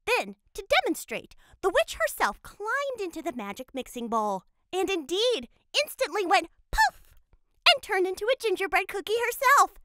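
A playful cat mom narrator. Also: female voice, very high-pitched, very animated, moderate pace, sharp tone, no echo, studio quality, exaggerated voice. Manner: playful, storybook delivery. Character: cheerful cat mother narrating a storybook. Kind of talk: scripted cartoon narration.

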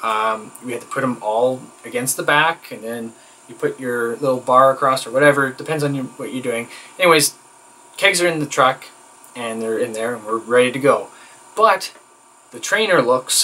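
A man's voice: medium pitch, moderate pace, pushed and bright, poor audio. A man talking straight to camera in a casual vlog, candid and rambling, venting with plenty of fillers and an exasperated edge. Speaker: vlogger.

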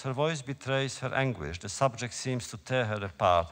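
A man reads his own stories to a live audience, slow, solemn and measured. His mid-range voice carries a long reverb from a large lecture hall. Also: mid-range voice, a bit bright. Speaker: author reading his own work. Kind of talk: reading prose to a live audience.

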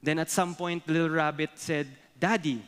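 A young adult man with a Filipino accent preaching a sermon, mixing English and Tagalog with animated storytelling. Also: a little high, brisk, clear, resonant tone, big-room sound. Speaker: pastor.

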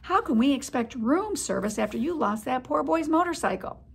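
A woman's voice: sits high, animated, normal speed, creaky, slight background noise, voice pushed up. A woman reading aloud, voicing a fretful mother mouse in an anxious, fluttery way. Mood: indignant.

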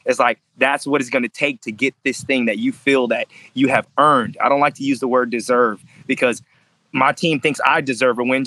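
A professional MMA fighter, appearing as a guest in a casual interview, tells stories intensely and swears freely. His voice is medium-pitched with a fairly bright tone, and the audio quality is poor.

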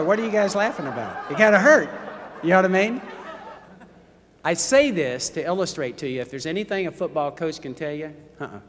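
A middle-aged man from the United States giving a football coach's testimony to a live audience, folksy, self-mocking and animated. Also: fairly high pitch, slight background noise. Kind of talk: storytelling speech to a live audience. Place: large hall. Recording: long hall reverb.

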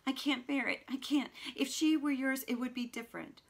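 A woman doing a frantic pleading young woman. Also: measured pace. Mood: tearful. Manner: high, loud, tearful pleading. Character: distraught young woman pleading with her lover.

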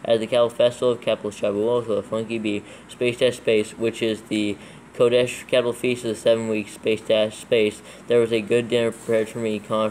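A man's voice: on the low side, darkish tone, slight background noise, rough recording. A man reading scripture aloud for proofreading, calling out capitals and punctuation marks as he goes. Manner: reads steadily, spelling out capitals and punctuation. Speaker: reader dictating scripture for proofreading. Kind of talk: dictating text aloud with punctuation.

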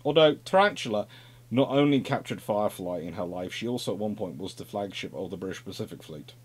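A man giving an informal naval history lecture in a lively, conversational way, with asides and repeated phrases. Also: lowish voice, brisk, breathy edge.

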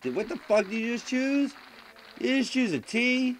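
A man's voice: very high voice, animated, moderate pace, slight background noise. Drunk man cursing at a game. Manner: cursing, angry, yelling at the game. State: intoxicated, slurring. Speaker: streamer playing a quiz game. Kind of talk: drunken gaming rant. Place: room with a TV on.

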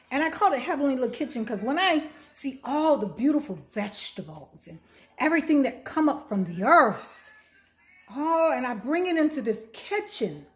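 An older woman who is a minister, hosting a casual cooking vlog, talking warmly and preachily and humming over her food. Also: sits high. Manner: warm, preachy, tastes food with drawn-out hums.

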